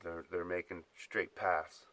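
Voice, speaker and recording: A man's voice: low voice, level tone, slow pace, sharp tone. A man delivering an exasperated, profane ranting monologue, mocking his listeners.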